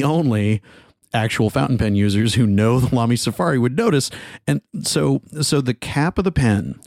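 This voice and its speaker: A man on a podcast panel, starting haltingly and then explaining a small detail at length in casual chat. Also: mid-range voice, a little mellow, dry recording, clean studio sound.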